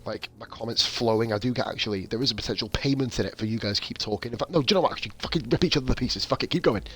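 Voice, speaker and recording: A man's voice: medium pitch, racing, slightly rough. A man hosting a racing league live stream, swearing and joking through the results and interviews. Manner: sweary, jokey banter. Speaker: league host and race commentator. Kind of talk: casual post-race live stream.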